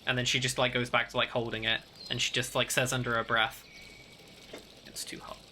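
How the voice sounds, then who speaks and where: Bright-toned man narrating a game. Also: medium pitch, flat delivery, quick pace, a little hiss or hum. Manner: rambling, full of "like" fillers. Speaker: game master. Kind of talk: narrating a tabletop game, casual.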